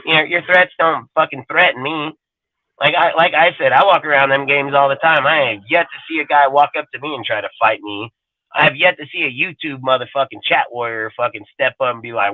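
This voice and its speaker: A man's voice: mid-range voice, brisk, no echo, phone-quality sound. A man hosting a live fan show, ranting aggressively in casual talk and swearing constantly. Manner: aggressive, heavy swearing, mimics people mockingly. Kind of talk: profane casual rant.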